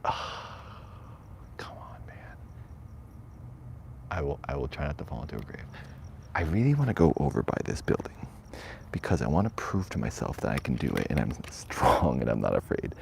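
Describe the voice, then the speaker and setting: Man, very deep gravelly voice, nervous rambling, half-whispered, lapel mic, faint night air hiss outdoors. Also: sing-song, fast talker, a little mellow. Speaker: vlogger. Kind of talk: nervous live-streamed night walk. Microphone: shirt lapel mic.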